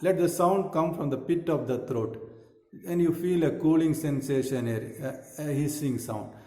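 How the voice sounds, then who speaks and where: Deliberate male yoga teacher, echoey room. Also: on the high side, mellow. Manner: slow, deliberate explanations with fillers and repeated phrases. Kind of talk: instructional talk on breathing. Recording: echoey room with long reverb.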